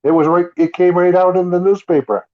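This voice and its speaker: A man's voice: sits high, steady tone, brisk. A man in a casual podcast chat who asks questions and hesitates with fillers. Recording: dull lo-fi sound.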